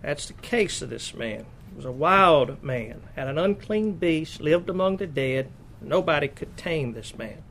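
A man's voice: fairly high pitch, animated, moderate pace, a bit bright. A man preaching a sermon, reading scripture aloud and stopping to explain it in plain asides. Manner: reads King James verses then explains them in plain asides.

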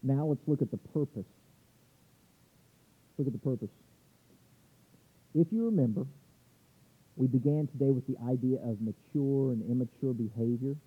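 Husky-voiced man preaching a sermon. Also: medium pitch. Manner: preaching with scripture readings and restarts. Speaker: pastor. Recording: tinny phone-like sound.

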